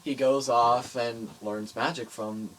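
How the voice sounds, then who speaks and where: A young man co-hosting a podcast, telling stories in a jokey, animated way. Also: medium pitch, slow pace, slight background noise, low-quality recording. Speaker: podcast co-host. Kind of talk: casual podcast chat.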